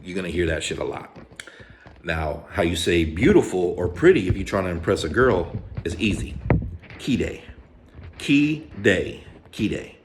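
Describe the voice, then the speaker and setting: A man from Hawaii casually explaining Japanese words he has picked up, repeating each one slowly in a relaxed, slangy way with some swearing. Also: deep voice, noisy background. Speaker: vlogger teaching Japanese words.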